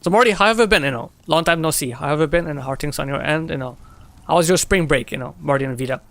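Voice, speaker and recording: A man's voice: a little high, fast talker, a bit bright, dry recording. Chatty man streaming a game. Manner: chatty, laughs often, reads and answers chat. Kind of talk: casual gameplay chat with viewers.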